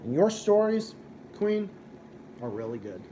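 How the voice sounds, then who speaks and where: Chatting casually on his live stream, a young male host rants at viewers, swearing and picking fights. His high-pitched voice is very animated yet unhurried and mellow, with slight background noise.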